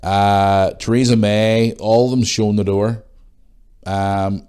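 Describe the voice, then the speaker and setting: A man's voice: low-pitched, darkish tone. Blunt, sweary Northern Irish man. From Northern Ireland. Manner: blunt, swears freely, rambling rants. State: tired, yawning. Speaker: podcast host. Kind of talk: casual solo podcast chat.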